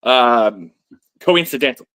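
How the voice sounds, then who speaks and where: A man's voice: medium pitch, expressive, slow pace, fairly bright tone. A man co-hosting a casual livestream, teasing his partner with cheeky, crude banter. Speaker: livestream co-host.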